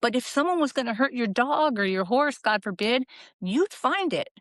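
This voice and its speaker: A woman's voice: a little high, lively intonation, moderate pace, a bit bright, no echo. A middle-aged woman as a podcast guest, candidly telling her story in an earnest, reflective way and acting out the voices she quotes.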